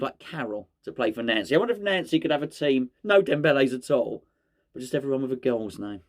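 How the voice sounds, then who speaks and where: Rambling, jokey man. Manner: rambling, jokey, pitch jumps when excited. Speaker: fan channel host. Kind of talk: casual football chat.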